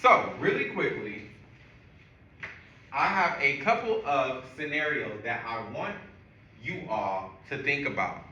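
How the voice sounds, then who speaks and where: A man teaching a group, walking them through breathing and counting in a slow, guiding way. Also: medium pitch, big pitch swings, pushed and bright, muffled recording. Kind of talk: classroom lesson on calming strategies. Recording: echoey room.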